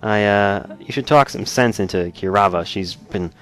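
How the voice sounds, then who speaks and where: A man's voice: fairly low pitch, normal speed, a bit bright. A man hosting a let's play, giving jokey, sarcastic commentary while he plays. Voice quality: jokey, sarcastic, laughs often. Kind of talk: joking gameplay commentary.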